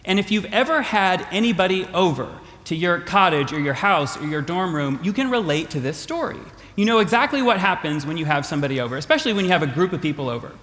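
A male pastor preaching a sermon, retelling a story with animated, repetitive phrasing. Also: high-pitched, fast, few pauses. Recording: long hall reverb.

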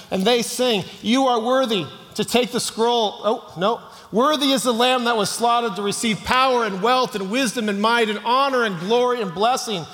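A man's voice: high voice, fairly bright tone, big-room sound. A man preaching a sermon, reading scripture with dramatic emphasis and letting the congregation call out missing words. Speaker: pastor.

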